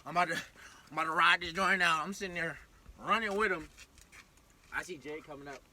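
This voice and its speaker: A young man telling a storytime vlog in an excitable, slangy way, acting out the scene as he goes. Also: high voice, a little hiss or hum. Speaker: vlogger. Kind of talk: animated storytime.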